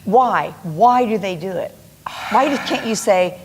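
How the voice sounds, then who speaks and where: A woman's voice: medium pitch, expressive, a little slow, slight background noise. A woman co-hosting a local TV talk show, folksy and friendly, chatting casually and giving tips to viewers. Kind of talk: casual chat.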